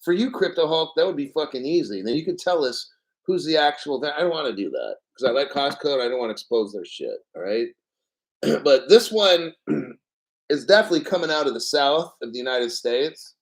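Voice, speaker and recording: Male livestream host, fairly high-pitched, loose and profane, chatty rambling delivery with frequent throat clearing. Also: animated, brisk, rough recording. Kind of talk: casual livestream chat.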